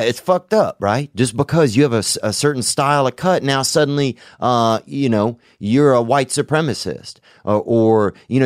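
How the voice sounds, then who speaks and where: A man's voice: mid-range voice, dry recording, clean studio sound. A man hosting a podcast, chatting casually and joking with a caller, rambling and swearing freely. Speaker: podcast host taking calls. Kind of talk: casual chat.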